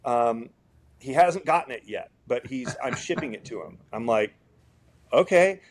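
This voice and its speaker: A male guitar builder talks as an interview guest, easygoing and rambling. His voice sits at an ordinary middle pitch. He drifts through fillers and acts out little bits of dialogue as he goes. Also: normal speed, slight background noise. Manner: relaxed, rambling, with many fillers and quoted dialogue. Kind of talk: casual storytelling in an interview.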